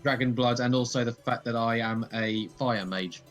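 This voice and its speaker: A man's voice: medium pitch, steady tone, normal speed, a bit bright, soft background music. A British man playing in a tabletop game, playful and mock formal. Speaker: player. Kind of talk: casual tabletop play.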